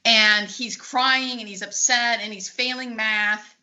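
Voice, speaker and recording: A woman in her forties with a bright, forceful voice tells her family stories in a candid interview. She acts out the dialogue with lively restarts, and the audio is muffled and lo-fi. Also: mid-range voice, slow pace, hardly any pauses. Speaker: guest, forensic accountant.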